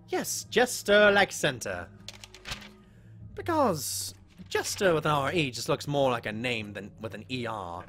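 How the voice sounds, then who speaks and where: A woman streaming a horror game live, chatting with viewers between playful in-character asides and breaking into excited yelps during chases. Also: very deep voice, unhurried, faint music behind. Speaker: gaming streamer. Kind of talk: live game commentary with chat.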